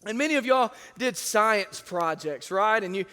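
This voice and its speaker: A male pastor with a very high, bright voice delivers a sermon full of stories. He tells them in a lively way and drops into the voices of others. The sound carries a long reverb from the church sanctuary. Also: moderate pace. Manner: lively storytelling, acts out quoted voices. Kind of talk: sermon with anecdotes.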